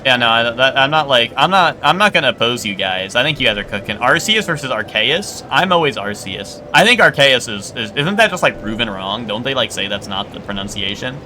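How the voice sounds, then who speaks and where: A man's voice: mid-range voice, very animated, fairly quick, hardly any pauses, sharp tone, slight background noise. A man streaming a game and chatting casually, rambling and playfully arguing with his chat. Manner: rambling, self-correcting, argues playfully with chat. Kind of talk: casual live-stream chat while gaming.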